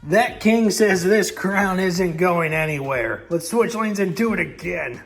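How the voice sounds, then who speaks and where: Man, high voice, excited race commentator, dramatic hype, home garage. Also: unhurried, vocal fry, faint music behind. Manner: hyped, dramatic announcer delivery.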